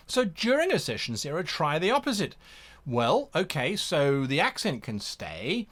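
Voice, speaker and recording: Animated man giving advice. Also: sits high. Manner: animated, acts out examples. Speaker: host. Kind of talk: instructional talk.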